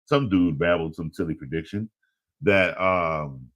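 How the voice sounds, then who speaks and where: A man hosting a fantasy football show, talking casually and excitedly, laughing often and trash-talking teams in slangy speech. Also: sits low, a little slow. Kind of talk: casual solo sports commentary.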